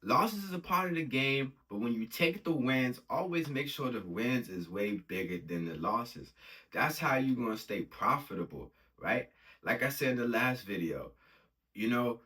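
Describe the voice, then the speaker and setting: A man's voice: mid-range voice, pushed and bright. A man casually talking through his trades in a hype, slang-heavy way, explaining risk and reward step by step. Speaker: forex trading vlogger. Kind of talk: casual screen-recorded trading vlog.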